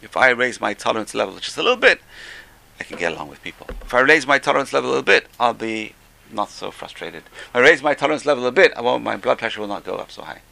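An older man giving an informal Musar class, conversational, repeating key phrases and getting louder for emphasis. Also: mid-range voice, sing-song, fast talker, vocal fry. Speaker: Torah teacher.

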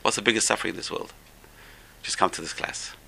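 A man's voice: lowish voice, quick pace, vocal fry, sharp tone, breathy edge, poor audio. A man teaching a religious class who speaks in exclamations and uses Hebrew terms. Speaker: Torah teacher.

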